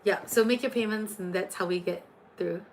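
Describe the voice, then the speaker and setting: A woman's voice: mid-range voice, moderate pace, a little hiss or hum. Chatty Singaporean woman hosting a livestream. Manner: chatty, gushing, heavy on fillers and restarts. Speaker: tarot reader and livestream host. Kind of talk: casual livestream chat. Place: her room.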